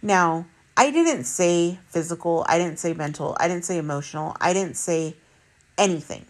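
A vlogger in her thirties who is a mother speaks at a normal speed in a lowish voice. In a candid personal monologue she tells her viewers bluntly about relationships, swearing freely and repeating points for emphasis.

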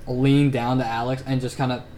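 This is a game master narrating a tabletop game in an easy, rambling way, full of fillers. The voice sits at a middle pitch. There is faint hiss in the background. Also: a little fast. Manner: relaxed, filler-heavy narration.

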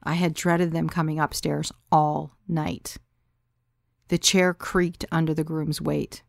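A woman's voice: low-pitched, level tone, slow, vocal fry, dry recording, studio quality. A woman narrating her own story in the first person, in a wry, confiding way.

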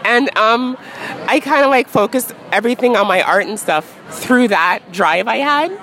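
A woman in her thirties talks openly and chattily, filling her sentences with "like" and easy laughs. Her voice sits a little high, and the murmur of a crowd carries behind her on an outdoor city street. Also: normal speed, fairly bright tone, rough recording. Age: 30s. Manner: frank, chatty, peppered with "like" and laughs. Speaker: interview guest. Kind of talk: candid street interview.

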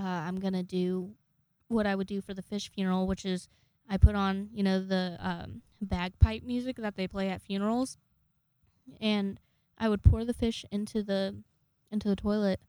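A woman's voice: mid-range voice, a little mellow, no echo, clean studio sound. A young woman in her twenties telling rambling, jokey, profane stories to camera in a casual vlog. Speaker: vlogger.

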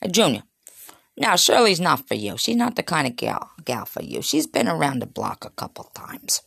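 A woman's voice: sits low, big pitch swings, normal speed, creaky, fairly bright tone, husky, no room sound, clean studio sound, pitched below the performer's own voice, heavily acted. A woman voicing a blustering, cursing father who lays down the law to his son. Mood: stern. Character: gruff protective father, middle-aged man.

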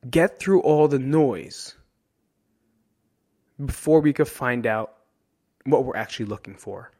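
Slow-paced and a little mellow, this medium-pitched man hosts his podcast solo. He hails from New Jersey, speaks candidly and emotionally, swears freely, and ends each point with "right?"

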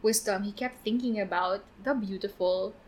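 A woman's voice: mid-range voice, moderate pace. A woman co-hosting a casual podcast, retelling an epic with laughter and acting out the characters' lines. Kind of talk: casual chat, storytelling.

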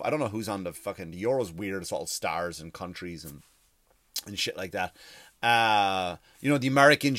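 A man doing a profane, animated stand-up comedy rant on stage. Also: dry recording, studio quality. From Ireland. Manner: profane, animated storytelling with sudden pitch jumps.

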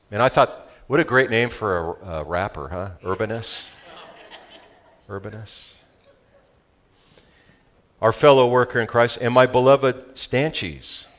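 A male pastor with a Southern California accent preaching a sermon, animated and joking with his congregation. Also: mid-range voice.

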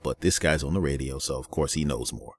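A man's voice: rumbling low, fairly quick. A man hosting a solo podcast, ranting in a weary, angry way, with a lot of profanity and repetition. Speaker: podcast host.

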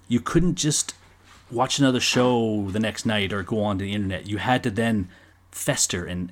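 A middle-aged man telling a story in a casual monologue, animated and swearing freely, now and then acting out loud bursts. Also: fairly low pitch. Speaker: storyteller recalling watching wrestling as a kid.

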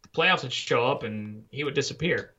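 Animated man ranting in lo-fi audio. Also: medium pitch, moderate pace, slightly rough. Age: 30s. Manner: profane, heated ranting. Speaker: podcast co-host. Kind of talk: casual sports chat. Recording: dull lo-fi audio.

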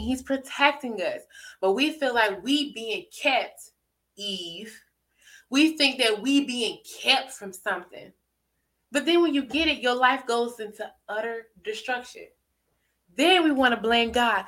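A woman's voice: lively intonation, measured pace. A woman preaching a sermon, emphatic, often asking "right?" and swooping up for emphasis. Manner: swoops high for emphasis, drops soft.

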